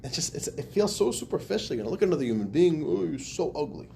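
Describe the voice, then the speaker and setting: Male rabbi lecturer, higher voice with big lively swings, acts out the quotes. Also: rapid-fire, creaky, a little hiss or hum. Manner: expressive, acts out quotes, laughs often. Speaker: rabbi teaching a class. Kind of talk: animated lecture.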